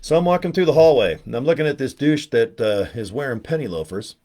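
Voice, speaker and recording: A man's voice: medium pitch, expressive, quick pace, mellow. A middle-aged man telling a rambling, crude personal story, slipping into voices for the people he quotes.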